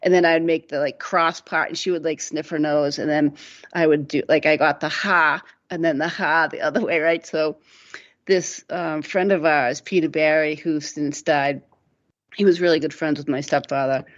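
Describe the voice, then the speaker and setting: A woman's voice: low voice, steady tone, moderate pace. A middle-aged woman, co-hosting a radio talk show and telling stories in a rambling, casual way full of "like" fillers. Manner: rambling, laughing storyteller with many "like" fillers. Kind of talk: casual storytelling chat. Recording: dull lo-fi radio sound.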